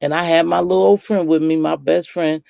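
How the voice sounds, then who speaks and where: A woman in her sixties hosting a casual late-night chat, telling lively stories and acting out the voices she quotes. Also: low voice, fairly quick, creaky, dry recording. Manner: lively storyteller who acts out quoted voices. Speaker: host.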